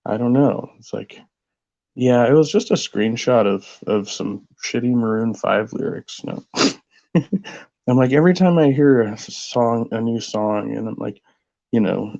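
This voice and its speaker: A man's voice: mid-range voice, normal speed, vocal fry, darkish tone, highs cut off. A man hosting a casual livestream, greeting viewers and musing aloud in a rambling way full of fillers. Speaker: host.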